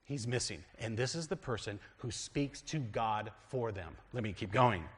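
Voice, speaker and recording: A man pastor with an American accent teaching a sermon and reading scripture aloud. He asks the congregation fill-in questions and swings between loud and hushed delivery. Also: medium pitch, lively intonation, moderate pace, long reverb tail. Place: church.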